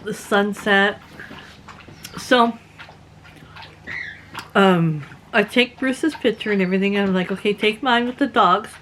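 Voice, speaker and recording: A woman from Canada casually telling personal stories as a vlogger, chatty and quick to laugh. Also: a bit bright, a little hiss or hum. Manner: chatty, laughs often, acts out quotes in a higher voice. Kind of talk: casual storytelling.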